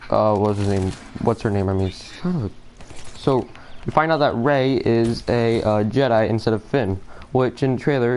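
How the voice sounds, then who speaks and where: Low-ish guy rambling while he plays a game, nervous, tons of ums and restarts. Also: a little mellow, slight background noise. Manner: hesitant, filler-heavy, restarts a lot; distracted, nervous, apologetic. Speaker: gaming video creator. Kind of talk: rambling commentary while playing a shooter game.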